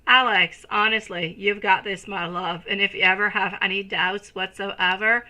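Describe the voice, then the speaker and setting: A woman's voice: mid-range voice, fairly even intonation, moderate pace, pushed and bright, low-quality recording. A woman reading tarot on a live stream, gushing over viewers and calling them sweetie and my love. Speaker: tarot reader.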